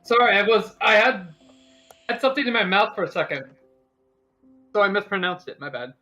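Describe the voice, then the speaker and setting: A man playing a tabletop game who describes his character haltingly, full of ums and self-corrections. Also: high voice, animated, sharp tone, soft background music. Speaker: player.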